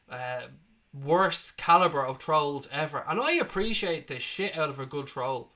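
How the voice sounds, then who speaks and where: A man's voice: a little high, sharp tone. A man in his twenties hosting a live football watchalong, reading viewer comments aloud with blunt, sweary banter. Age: 20s.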